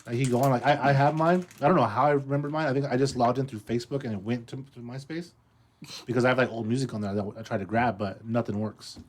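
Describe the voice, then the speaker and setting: A man on a casual talk show, talking quickly and leaning on fillers. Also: mid-range voice. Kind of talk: casual chat.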